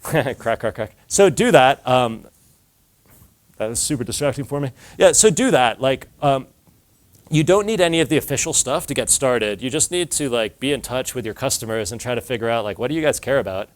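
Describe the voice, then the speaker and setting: A man's voice: medium pitch, lively intonation, a little fast. A man giving a casual talk to an audience, telling stories with lots of filler words and acted-out dialogue.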